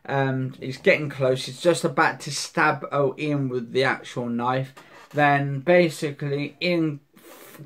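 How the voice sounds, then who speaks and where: A man recaps a TV episode in loose, rambling speech. His voice sits a little high. He circles back on his words and drops the odd swear word. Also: a bit bright. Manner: rambling, repeats himself, swears casually. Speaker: vlogger recapping a soap episode. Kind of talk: casual spoken recap.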